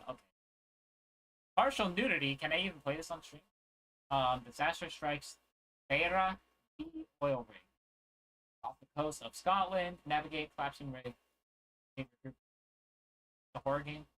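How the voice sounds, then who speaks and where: Young man, streamer, casual rambling chat, crude jokes, bright tone. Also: a little high, lively intonation, measured pace, long pauses, poor audio.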